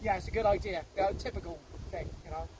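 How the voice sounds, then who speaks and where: High-voiced man telling a ghost story outdoors. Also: fast talker, background noise. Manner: chatty, keeps checking in with "right?". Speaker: ghost walk guide. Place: outdoors on a walking tour.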